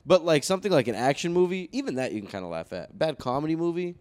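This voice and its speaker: A man's voice: a little high, big pitch swings, fast, a little mellow. A young man in casual chat with friends, laid-back and slangy, laughing often.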